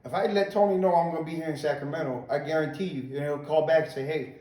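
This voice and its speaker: A man's voice: fairly high pitch, fairly even intonation, quick pace, warm tone. A man, a comedian guest, talking earnestly and supportively in casual conversation. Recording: echoey room, distant mic, faint noise.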